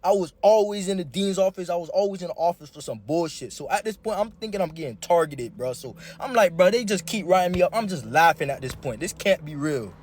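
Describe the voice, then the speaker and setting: A man's voice: a little high, brisk, few pauses. A young man telling a personal story to camera in casual, slangy style, often speaking straight to the listener. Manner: animated, slangy, addresses the listener directly.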